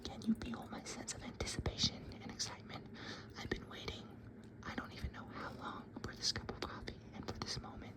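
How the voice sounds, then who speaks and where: A man's voice: a little fast, close to an everyday voice. A man whispering as a mock-solemn ASMR coffee guru, in whispered role-play. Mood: mock-serene.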